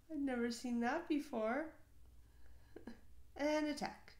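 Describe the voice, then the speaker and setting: A woman's voice: fairly high pitch, slow, pauses often, darkish tone. A woman hosting a casual reaction video, gushing over animal clips with lots of exclamations and giggles. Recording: roomy echo.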